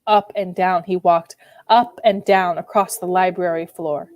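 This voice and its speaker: A woman giving an expressive, measured dramatic reading of a classic novel as a first-person narrator. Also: on the low side, no room sound. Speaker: reader.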